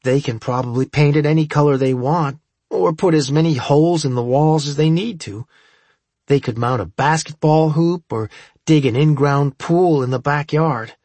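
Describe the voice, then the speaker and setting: A man's voice: on the high side, lively intonation, moderate pace, gravelly, darkish tone, dry recording. A man reading a first-person story aloud as an audiobook narrator, in a wry, conversational way.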